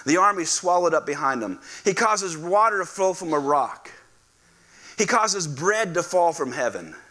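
A male pastor preaching a lively sermon, acting out voices and calling on the congregation to respond. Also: on the high side, moderate pace. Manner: animated, acts out quoted voices, asks the congregation to respond. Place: church sanctuary.

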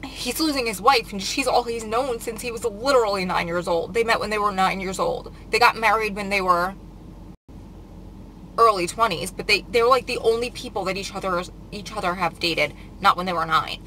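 A woman's voice: mid-range voice, normal speed, bright, forceful tone, a little hiss or hum, poor audio. A woman vlogger telling a painful story in a casual confessional vlog, upset and rambling with many filler words.

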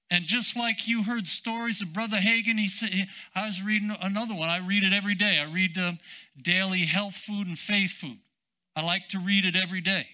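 A man's voice: high-pitched, pushed and bright. A man who is a senior pastor preaching a sermon, chatting with asides and then building to emphatic declarations.

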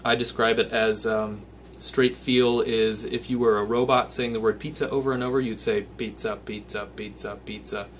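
A man's voice: mid-range voice, flat delivery, moderate pace, hardly any pauses, a little hiss or hum. A man giving a guitar lesson, patiently explaining step by step and counting picking strokes aloud as he plays. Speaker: guitar teacher. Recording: loud guitar playing behind the voice. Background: his own guitar playing.

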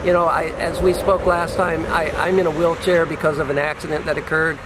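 An earnest man with a fairly high voice, speaking in halting phrases that often restart. Clear traffic noise from a nearby street runs under his talk. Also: level tone. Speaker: guest, healthcare business owner. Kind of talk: casual motivational chat. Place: outdoors by a road.

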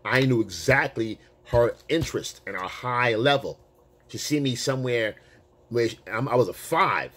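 A male dating coach telling a story to camera in a casual, animated way, swearing freely and using street slang. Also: mid-range voice, normal speed, husky.

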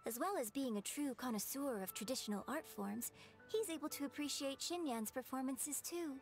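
A woman voicing a composed, strict young opera mentor in a game who talks in a poised, measured way. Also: sits high, soft background music.

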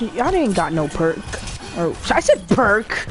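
A woman giving casual, rambling commentary while playing a video game, chatty and quick to get excited. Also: medium pitch, soft background music. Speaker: gamer.

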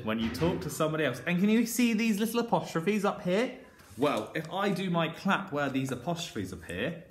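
Guy doing a kids phonics lesson, sounding out letters real slow, bouncy sing-songy voice, echoey room with a bit of hiss. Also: a little high, big pitch swings. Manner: encouraging, sing-song teacher voice. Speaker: primary school teacher. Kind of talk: phonics lesson for young children. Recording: echoey room with faint background noise.

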